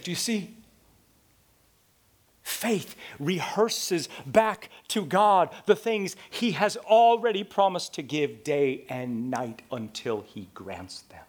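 A man preaching a sermon, dropping to near-whispers and rising to fervent shouts, often asking the listeners rhetorical questions. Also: fairly high pitch, animated, slow pace. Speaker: pastor.

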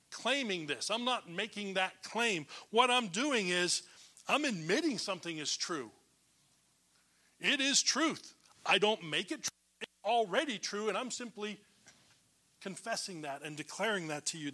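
A man preaching a sermon as a pastor, emphatic, swinging between loud declarations and hushed low lines.

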